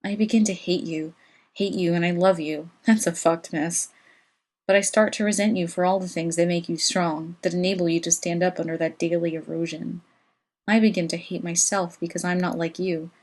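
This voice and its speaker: Brief: a woman reading a blunt, agitated young woman from a novel, low-pitched, in a plain read-aloud voice. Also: fairly even intonation, moderate pace, darkish tone, close to an everyday voice. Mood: resentful. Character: restless privileged young woman, torn and resentful.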